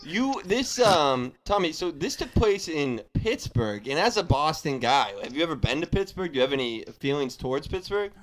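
A man co-hosting a casual comedy podcast, excitable and full of fillers, on a close studio mic. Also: fairly high pitch, normal speed, few pauses, dry recording. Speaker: podcast co-host.

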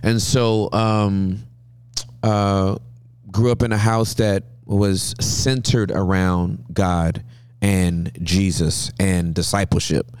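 Low-voiced storytelling man in his forties. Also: slow pace, smooth, no room sound. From Southern California, US. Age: 40s. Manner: humorous, lively storyteller. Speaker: guest pastor. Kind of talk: interview storytelling.

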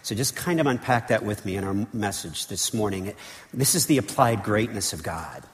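Pastor preaching in church, chatty and animated, big hall echo. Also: male voice, fairly low pitch, normal speed. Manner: animated, conversational preaching with frequent "okay" and "right". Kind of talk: sermon. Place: church sanctuary.

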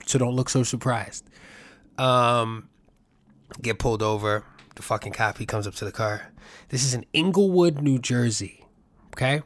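A man's voice: mid-range voice, normal speed, a bit bright, no room sound. A man, from the Bronx, telling a rambling, profane story full of tangents as a podcast host. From New York City, the Bronx. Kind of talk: casual monologue.

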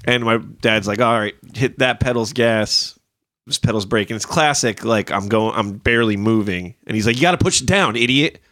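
A man's voice: fairly even intonation, moderate pace, fairly bright tone, dry recording, studio quality. A man hosting a podcast, telling stories in casual chat, swearing freely and acting out quotes. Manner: swears freely, acts out quotes in high voices.

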